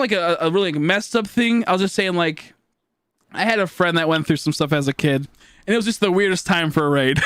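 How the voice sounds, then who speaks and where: A man talking casually to his live-stream chat, telling stories in an animated, rambling way and laughing often. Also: sits high, clean tone, no echo, clean studio sound.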